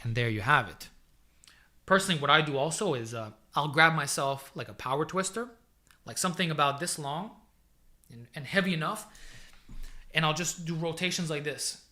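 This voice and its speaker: A man hosting a casual live-stream Q&A as a fitness coach, giving training advice in an energetic, chatty way and calling viewers "man", speaking into a desk microphone he sometimes leans away from. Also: on the high side, normal speed, long pauses.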